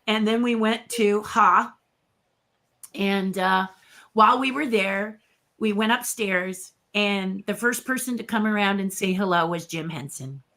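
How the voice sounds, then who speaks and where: Older woman telling a lively story. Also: medium pitch, a little slow. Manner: lively storyteller who acts out quoted dialogue. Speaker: guest puppeteer. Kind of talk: casual storytelling in an interview.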